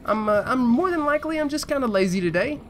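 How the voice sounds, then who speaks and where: A man's voice: very high voice, expressive, fast talker, a bit bright, a little hiss or hum. A man giving casual, rambling gameplay commentary as a video host, joking at his own expense and talking straight to his viewers. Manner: rambling, self-mocking, talks to viewers. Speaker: gaming YouTuber.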